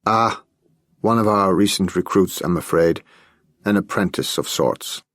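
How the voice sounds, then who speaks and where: A man reading an audiobook voices a weary, melancholy Soviet intelligence officer who speaks in a calm, measured, wry way. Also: deep voice, no room sound, studio quality.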